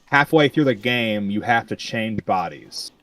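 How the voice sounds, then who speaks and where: Low-voiced male gamer, rambling casually. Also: expressive, measured pace, a bit bright, recorded from a distance, a little hiss or hum. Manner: rambling, restarts, laughs along. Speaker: gaming streamer. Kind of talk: casual chat while gaming.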